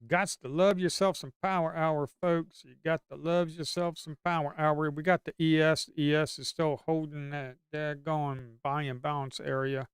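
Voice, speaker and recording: A man giving casual live commentary as he trades, excitable and slangy, swinging from low muttering to loud hype. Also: normal speed, few pauses, clean tone, no echo, clean studio sound. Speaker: live-stream day trader.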